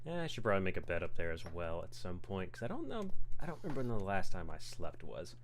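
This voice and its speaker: Streamer type, man, low voice that swings up and down, playful, talks through his gameplay. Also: quick pace, slight background noise. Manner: animated, acts out his own thoughts in quoted voices. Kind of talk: casual chat while gaming.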